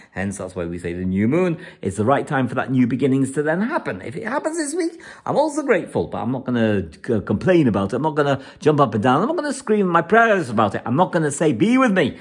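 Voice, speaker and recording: Male astrologer with a very animated, up-and-down delivery, giving an emphatic weekly forecast. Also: medium pitch, fast, few pauses, slightly rough. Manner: emphatic and repetitive, often laughing.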